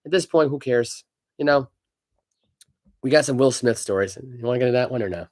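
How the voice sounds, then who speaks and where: Brief: male podcast co-host, mid-pitch voice, animated sports rants, stumbles over read-aloud news. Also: fairly quick. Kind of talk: casual sports talk.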